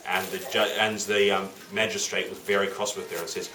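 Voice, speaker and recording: A man's voice: deep voice, little pitch movement, brisk, hardly any pauses, sharp tone. A man telling a legend to children, playful and full of questions to his listeners. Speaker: storyteller to children. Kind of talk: lively storytelling for children. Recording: roomy, distant, faint noise.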